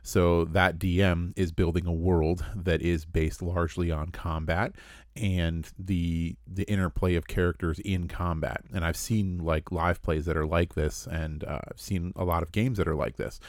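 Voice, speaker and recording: An easygoing man with a very low voice co-hosts a podcast, laughing at his own jokes as he talks. His voice sits close and dry on the microphone. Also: flat delivery, moderate pace, a little mellow, no room sound. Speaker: podcast co-host. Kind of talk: casual chat.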